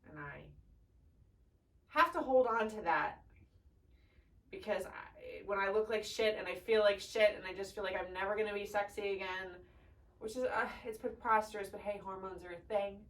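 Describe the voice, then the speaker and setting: A woman's voice: mid-range voice, normal speed, far from the mic, low-quality recording. A young woman hosting a podcast, chatting candidly and emotionally, swearing freely and choking up at times. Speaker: podcast host. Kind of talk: casual personal chat.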